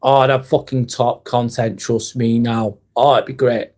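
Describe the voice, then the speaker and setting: A man with a medium-pitched, darkish voice speaks at a moderate pace with flat delivery. He's hosting a live stream, reading viewers' chat aloud and answering bluntly and casually, swearing freely.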